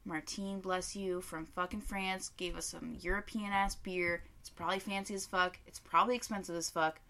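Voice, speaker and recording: A woman's voice: fairly low pitch, steady tone, normal speed, pushed and bright. A young woman, co-hosting a beer tasting show in casual, profane, joking chat. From Canada.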